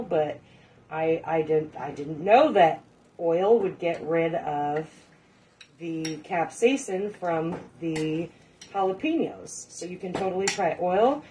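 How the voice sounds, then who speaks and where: A woman's voice: fairly low pitch, a little mellow, a little hiss or hum. A middle-aged woman hosting a casual cooking livestream, chatting with viewers, swearing casually and laughing often. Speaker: cooking show host.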